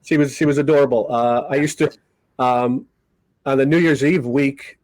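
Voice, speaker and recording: An older comedy magician, a guest on a podcast, tells stories in a loose, easy way and plays the parts of the people he quotes. His mid-range voice moves at a normal speed, with no room sound and poor audio quality.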